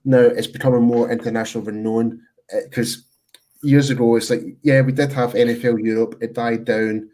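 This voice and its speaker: A man's voice: mid-range voice, little pitch movement, moderate pace, dark tone. A man from the UK co-hosting a casual fan chat show, rambling and self-interrupting, laughing often. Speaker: podcast co-host.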